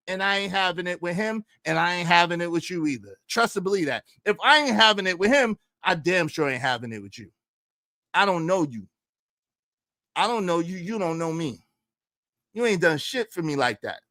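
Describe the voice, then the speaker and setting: A middle-aged man rants on his livestream, hammering his points by repeating them and pushing his voice loud. His pitch sits high and jumps around a lot, and his tone is bright and sharp. The sound is dry and close. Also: expressive, normal speed, no room sound. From Brooklyn, New York. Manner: confrontational, repeats phrases for emphasis, swings loud. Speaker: livestream host. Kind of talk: heated livestream rant.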